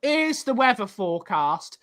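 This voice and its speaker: A man's voice: extremely high pitch, big pitch swings, a little slow, a bit bright. A man from Somerset co-hosting a podcast, bantering and reading out viewer comments. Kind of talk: casual chat.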